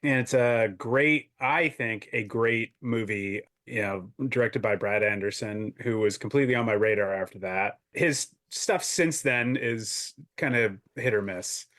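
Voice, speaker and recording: A man's voice: on the low side, measured pace, few pauses, fairly bright tone. A man talking as a podcast guest in casual chat, a rambling, enthusiastic storyteller.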